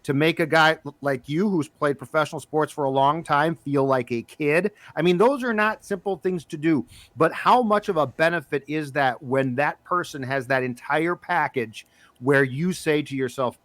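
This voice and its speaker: A man hosting a sports podcast who asks long questions that wander and restart as he goes. His voice sits a little higher than most men's. The sound is dry and close to the mic. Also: moderate pace, a bit bright, no echo. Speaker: podcast host. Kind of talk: casual podcast interviewing.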